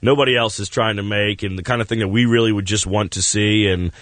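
A man being interviewed in a radio studio, relaxed and dryly self-mocking. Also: on the low side, quick pace, no room sound. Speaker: guest actor and filmmaker.

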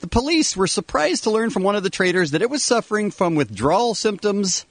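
A man co-hosting a radio morning show, reading a story aloud and laughing along with the bit. His voice is husky and high, with a lively swing in pitch. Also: brisk, no room sound. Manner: reads news aloud, laughs easily. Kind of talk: casual radio banter.

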